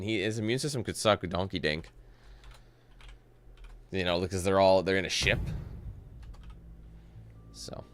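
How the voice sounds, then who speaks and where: A man's voice: on the low side, a little hiss or hum. A man giving casual gameplay commentary, laid-back and rambling, with joking asides.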